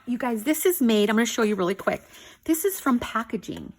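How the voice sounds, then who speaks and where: A woman hosting a casual craft flip-through video, excited and gushing, often saying "you guys" and a little out of breath. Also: a little high, fairly quick. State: slightly out of breath. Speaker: craft channel host.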